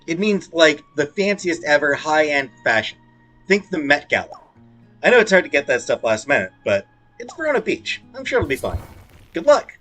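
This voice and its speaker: Lively husky man reading game dialogue. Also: a little high, normal speed, faint music behind. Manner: playful, jokey asides between read lines. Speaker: gaming YouTuber reading game dialogue aloud. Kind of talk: let's play, reading dialogue in character voices.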